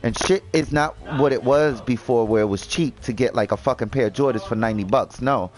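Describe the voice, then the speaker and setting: A man's voice: mid-range voice, fairly quick, a little mellow. A young man chatting casually while gaming, rambling with lots of fillers and swearing freely. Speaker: gaming video host.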